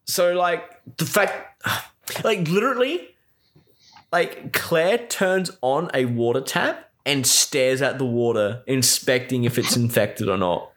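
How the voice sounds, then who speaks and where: A man's voice: mid-range voice, animated, slow pace, fairly bright tone. A man in a casual, exasperated movie recap rant, swearing a lot and saying "like" constantly. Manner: exasperated, profane, full of filler likes.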